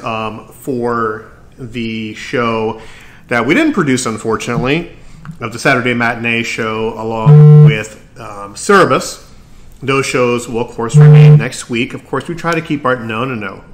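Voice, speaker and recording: A man hosting his own podcast, talking earnestly and encouragingly, sometimes tripping over his words. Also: mid-range voice. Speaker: podcast host. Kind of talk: solo podcast talk.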